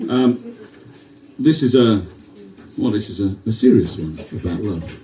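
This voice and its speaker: Man, performance poet, wry self-deprecating patter, mellow warm tone, distant mic in a live venue. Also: on the low side, very animated, a little slow, slight background noise. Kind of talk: live poetry reading with banter. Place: live venue before an audience.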